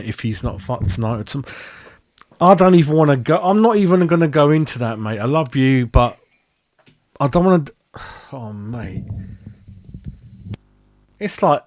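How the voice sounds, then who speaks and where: A man's voice: fairly high pitch, no echo, studio quality. A man hosting a live stream match reaction, exasperated and calling everyone mate. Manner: exasperated, keeps saying mate. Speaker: fan channel host.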